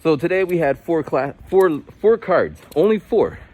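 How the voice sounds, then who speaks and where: An English teacher in his forties casually tells stories in a vlog, acting out quotes with big jumps in pitch. His voice has a dark tone, swings widely in pitch, and moves at a normal speed.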